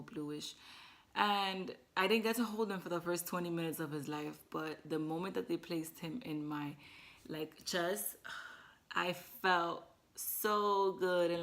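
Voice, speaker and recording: A woman's voice: on the low side, a bit bright. A young woman vlogger telling a personal story to the camera in casual chat, emotional and teary, full of "like" fillers. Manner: emotional, talks with many "like" fillers.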